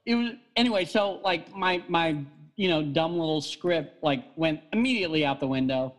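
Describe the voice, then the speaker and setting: Man with a high voice, casual storyteller who rambles and restarts often. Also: normal speed, poor audio. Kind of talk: casual chat.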